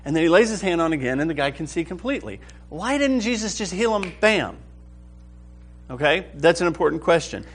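A man's voice: on the high side, big pitch swings, a little fast, slightly rough, soft background music. A man teaching a Bible study class with enthusiasm, often checking whether the group is following. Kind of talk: lively Bible class lecture.

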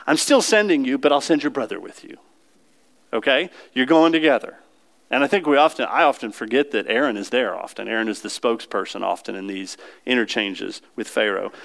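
A man preaching to a congregation in an easy, conversational way. His voice sits at an ordinary middle pitch, and he keeps checking in with his listeners through quick questions. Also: lively intonation, fairly bright tone. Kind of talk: sermon.

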